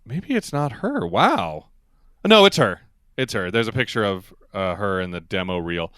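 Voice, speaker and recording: A man's voice: on the low side, sing-song, moderate pace, fairly bright tone, no echo, clean studio sound. A man co-hosting a podcast, chatting casually and rambling as he recaps a TV episode, laughing often. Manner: rambling, laughs often, acts out quoted lines. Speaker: podcast co-host.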